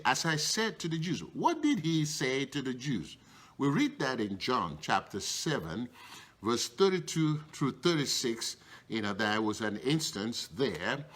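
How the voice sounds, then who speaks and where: A middle-aged man preaching with a lively voice that swings up and down. He talks conversationally, leaning on "you know" and repeated refrains like a pastor working a congregation. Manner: rhetorical refrains, swinging pitch up and down. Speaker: bishop preaching. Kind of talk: sermon.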